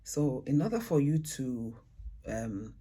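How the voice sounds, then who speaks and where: A man teaching beginners about rhyme in a casual tutorial. He pauses often to search for words and spells out letters. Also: medium pitch, big pitch swings, dark tone. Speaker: poetry tutor.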